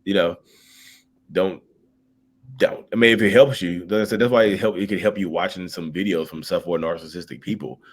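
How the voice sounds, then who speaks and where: A man co-hosting a live stream in a casual, animated way. He reads viewer comments aloud and often repeats words as he searches for them. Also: deep voice, fairly quick, breathy edge.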